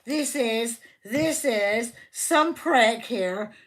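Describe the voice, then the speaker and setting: A woman's voice: fairly high pitch, drawn-out words. Fired-up, foul-mouthed woman tarot reader. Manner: heated, swears constantly; fiercely protective of the viewer. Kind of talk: live tarot reading stream.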